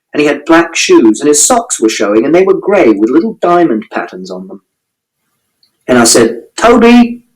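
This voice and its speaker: A man's voice: fairly high pitch, rough recording. A man narrating an audiobook in the first person, telling events in a literal, matter-of-fact way.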